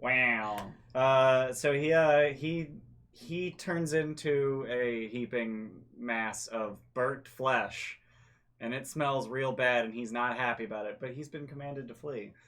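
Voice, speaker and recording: A man's voice: mid-range voice, slow, a bit bright. A man acting as game master, describing scenes hesitantly and with many fillers. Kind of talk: running a tabletop game.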